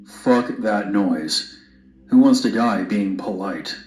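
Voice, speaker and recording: Low-voiced man narrating a story. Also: slow pace, darkish tone. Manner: blunt, wry storytelling. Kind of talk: first-person story narration. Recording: roomy narration played back.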